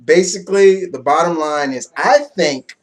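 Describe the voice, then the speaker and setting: A young man giving a casual, excitable comic book review, loose and swearing freely. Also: on the high side, a little slow.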